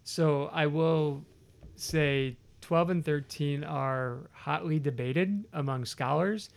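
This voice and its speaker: A man in casual discussion, his voice sitting a little higher than most men's. He talks in an animated, playful way, slipping into little voices to act out what people say. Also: slow, creaky. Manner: animated, acts out quotes with playful voices and laughs. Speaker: podcast co-host discussing scripture. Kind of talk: casual conversational Bible study.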